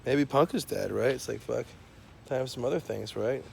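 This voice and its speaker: A man rambles through a profane comic rant, stumbling over fillers and restarts. His voice is rough and gravelly, sitting at an ordinary male pitch. A faint hum of room noise sits underneath. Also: moderate pace, darkish tone. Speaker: self-described scientist.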